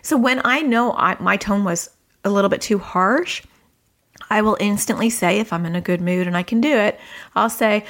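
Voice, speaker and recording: A woman in her thirties talks parents through their children's feelings in a conversational podcast style. Her pitch sits mid-range for a woman, and she bounces up in pitch whenever she voices a child's complaints. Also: moderate pace. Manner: conversational, acts out quoted dialogue with lively pitch jumps. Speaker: parenting coach. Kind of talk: advice podcast talk.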